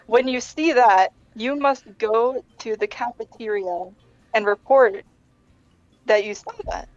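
A woman's voice: fairly high pitch, dry recording, dull audio. A woman playing along in casual game chat, presenting with playful mock seriousness. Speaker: guest player.

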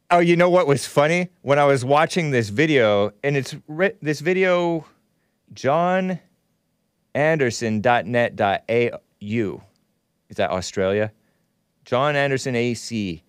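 A man hosts a casual livestream, rambling, laughing often and talking back to chat as he reads comments and takes calls. His medium-pitched voice is clean, with no echo and studio quality.

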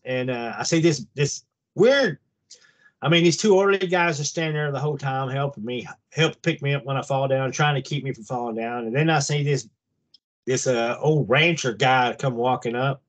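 A man over fifty telling a long personal story in a casual, halting way, full of restarts. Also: medium pitch. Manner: halting, rambling, with many restarts. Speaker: guest recounting an abduction experience.

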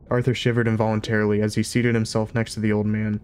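An amateur audiobook reader with a smooth, lowish male voice reads a novel aloud at an easy, unhurried pace. His storytelling is steady, with an occasional slip of the tongue.

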